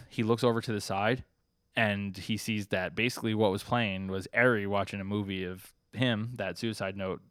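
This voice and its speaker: A man's voice: fairly low pitch, fairly bright tone, dry recording, clean studio sound. A man co-hosting a podcast, recapping a story in a loose, chatty way with fillers. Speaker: podcast co-host. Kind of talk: casual chat recapping a story.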